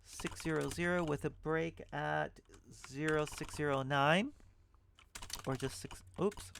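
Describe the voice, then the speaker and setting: A man with a slightly high, creaky, somewhat bright voice tutors assembly programming in a screen-recorded walkthrough. He works things out aloud, corrects himself, and mutters asides, over a faint hiss or hum.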